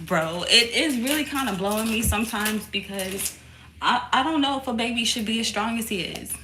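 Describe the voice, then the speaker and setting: A young woman and mother chatting casually to camera at home. She laughs loudly and often, swears freely, and coos softly to her baby between remarks. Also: on the high side, moderate pace. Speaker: mother vlogging. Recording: echoey room with steady noise.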